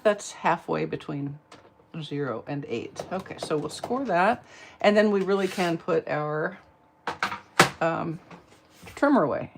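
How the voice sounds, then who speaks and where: A woman's voice: medium pitch, slight background noise. A woman demonstrating card-making in a casual tutorial, chatty and self-deprecating, with rambling asides.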